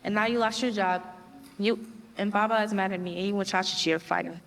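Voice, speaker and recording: An actress playing a defiant, headstrong young daughter. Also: female voice, medium pitch, fairly even intonation, fairly quick, gravelly, a bit bright. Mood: pleading. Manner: defiant, pleading. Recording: hall reverb.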